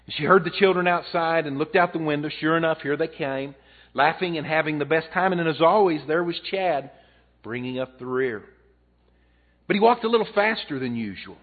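A male pastor preaching a sermon, telling a story and swelling and dropping his voice for emphasis. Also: on the high side. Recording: tinny phone-like audio.

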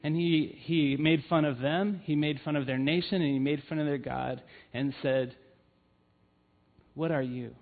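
This church family ministry leader speaks on the high side in a steady tone, at a normal speed with few pauses. His sermon is built from earnest personal stories dotted with "um"s. The audio has a tinny, phone-like sound.

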